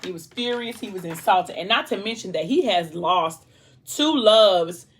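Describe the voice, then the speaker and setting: A young adult woman vlogger casually retelling a story while eating, animated and chatty, with asides to her viewers. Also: medium pitch, unhurried, slightly rough.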